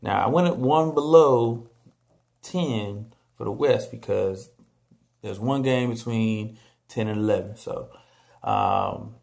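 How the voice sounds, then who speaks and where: Gravelly animated man riffing on basketball. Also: takes it slowly. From San Antonio, Texas. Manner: animated, joking, trash-talking, mimics teams and players in high mock voices. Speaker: vlogger. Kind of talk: casual basketball commentary vlog.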